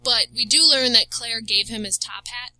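A woman's voice: a little high, moderate pace, rough recording. A woman in casual chat, animatedly retelling a story with frequent laughs and lots of "like". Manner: animated storyteller, laughs often, says "like" a lot. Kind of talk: casual chat recapping a video game story.

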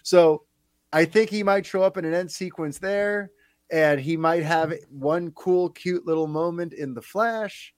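A man's voice: on the high side, a little slow, dry recording. A man hosting a podcast, talking casually and animatedly with plenty of fillers. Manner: animated, chatty, lots of fillers. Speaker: podcast host.

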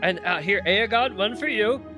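A man playing his character in a tabletop game, rambling excitedly with many restarts. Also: high voice, normal speed, over music. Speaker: player. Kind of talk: tabletop role-play in character.

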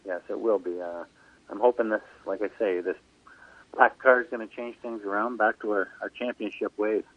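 A racing driver calling in to a radio show, talking haltingly and often saying "like I say.". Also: male voice, on the low side, fairly even intonation, husky, dry recording. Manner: halting, repeats "like I say". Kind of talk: phone-in radio interview. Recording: tinny phone line.

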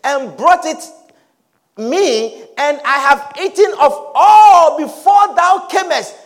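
A man preaching while voicing an alarmed old father, who shouts slow, drawn-out biblical lines. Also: very high-pitched, expressive, voice pushed up, heavily acted.

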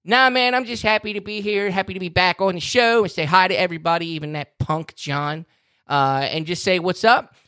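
This co-host's voice sits high, clear and resonant, moving fairly quickly. He's from Maryland, speaks with a Baltimore accent, and gets animated and worked up while joking, recorded studio-quality with no echo.

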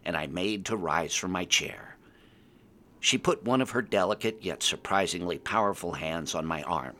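A male storyteller reads a first-person fantasy adventure aloud. His voice is very low yet bright and clear, and his pitch moves animatedly through the telling. Soft music plays faintly behind him. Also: lively intonation, moderate pace.

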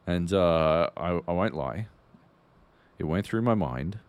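Deep-voiced, swearing podcast co-host. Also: male voice, measured pace, no room sound. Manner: rambling, swears constantly, animated storytelling. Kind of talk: casual chat.

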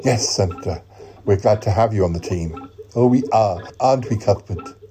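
A man's voice: lowish voice, moderate pace, over music. A man hosting a comedy podcast in an improvised sketch, hesitant and full of ums. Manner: hesitant, many ums and uhs. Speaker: podcast host.

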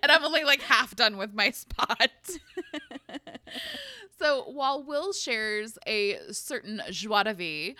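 Giggly, animated young-sounding woman. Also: fairly high pitch, takes it slowly. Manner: giggly, enthusiastic, says "like" often. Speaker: podcast co-host. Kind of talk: casual book-club chat.

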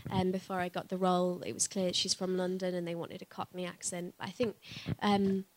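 A woman's voice: fairly low pitch, monotone, brisk, a little mellow, a little hiss or hum. A woman voice actor answering audience questions on a live panel, chatty and playful, laughing often. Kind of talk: casual panel Q&A.

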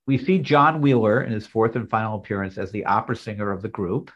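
A man's voice: on the low side, fast talker, muffled recording. A man co-hosting a podcast, recapping a TV episode scene by scene in casual chat. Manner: narrates scenes plainly, then reads lines out. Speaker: podcast co-host.

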